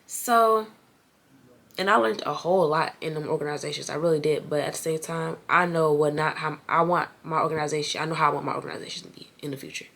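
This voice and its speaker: A woman's voice: sits low, fairly even intonation, fast talker, creaky, a bit bright. A young woman with a stuffy nose talking earnestly and casually to her viewers in a vlog. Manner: earnest, talks straight to viewers as y'all. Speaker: vlogger.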